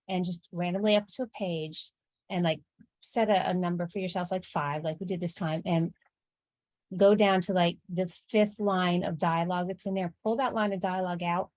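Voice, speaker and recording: Woman cohost walking folks through a writing exercise, lowish voice, dry close sound. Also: darkish tone, dry recording. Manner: encouraging, explains with fillers. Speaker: co-host. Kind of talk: casual workshop talk.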